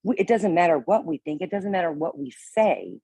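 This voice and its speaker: Rambling woman, mellow and dry. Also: lowish voice, expressive, breathy edge, no room sound, rough recording. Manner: halting, swearing, laughing often. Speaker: meeting participant. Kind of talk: casual sharing, rambling.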